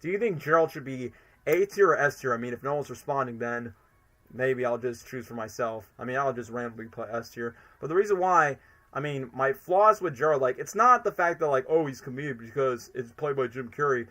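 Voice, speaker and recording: A man's voice: medium pitch, a little fast, bright, forceful tone. A young man chatting on a live stream, rambling enthusiastically with lots of fillers. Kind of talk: casual live-stream commentary.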